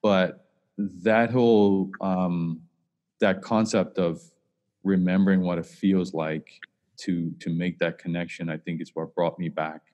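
Very deep-voiced male podcast host. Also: a little slow, big-room sound, dull audio. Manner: relaxed, encouraging, hesitant with fillers. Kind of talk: casual interview chat.

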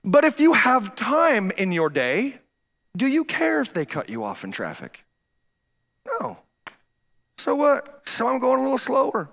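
Male pastor, sermon delivery: high, bright, sharp-edged voice, animated and emphatic. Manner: animated, emphatic, repeats key phrases. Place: church stage.

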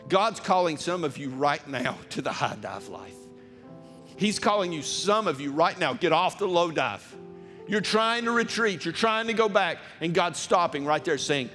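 A male pastor telling a story in a sermon. He acts out the voices in it, shouts and laughs. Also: a little high, lively intonation, moderate pace, long reverb tail, faint music behind.

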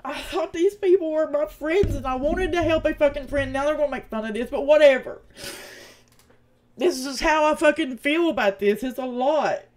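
A woman from Tennessee, giving a heated, profane vlog rant that swings between loud outbursts and hushed talk. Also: sits high, normal speed. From Tennessee, USA. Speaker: YouTuber.

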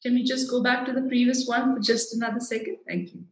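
A woman's voice: fairly high pitch, fairly even intonation, fast. A woman with a South Indian English accent, giving a public talk in an earnest, explanatory way. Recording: echoey hall.

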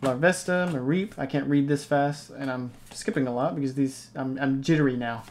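Excitable young-sounding man opening card packs. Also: mid-range voice, moderate pace, few pauses. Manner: excitable, rambling, hyped reactions. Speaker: card-opening channel host. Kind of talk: casual unboxing commentary.

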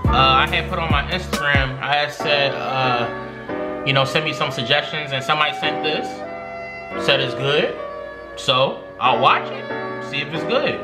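A young man hosts a reaction video in joking, slangy banter. His voice sits a little high. Loud music plays behind him. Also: measured pace. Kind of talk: casual reaction commentary.

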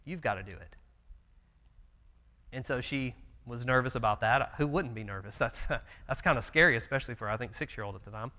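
A man in his thirties talks through a church Bible class in an earnest, conversational way, with plenty of fillers. His voice is bright and pushes forward. The recording carries the long reverb of a church hall. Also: medium pitch, a little fast. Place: church meeting room.

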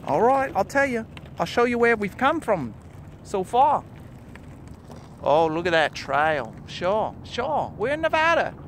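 High, lively man joking on an outdoor trail. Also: a little slow, a little hiss or hum. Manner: playful, jokey running commentary. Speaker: vlogger. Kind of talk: casual outdoor chat while riding. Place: outdoors on a nature preserve trail.

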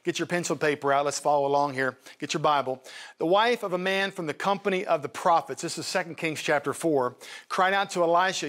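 A man's voice: fairly high pitch, brisk, a bit bright. A man, a pastor co-hosting a TV talk show, teaching from the Bible in a folksy, emphatic way and turning to his wife with asides.

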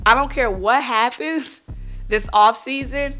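A woman from talks football in a casual vlog, blunt and animated as she addresses her viewers directly. Her voice is bright and forceful at an ordinary pitch, and soft music plays faintly underneath. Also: normal speed. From Philadelphia. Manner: animated, worked-up, blunt, speaks to viewers as y'all. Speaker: sports vlogger. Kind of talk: casual sports opinion vlog.

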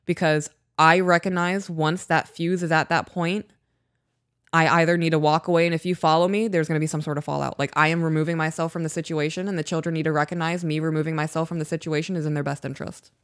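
A woman's voice: low voice, little pitch movement, fast, no room sound, studio quality. A woman co-hosting a podcast in casual chat, frank and swearing freely as she tells stories. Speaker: podcast co-host.

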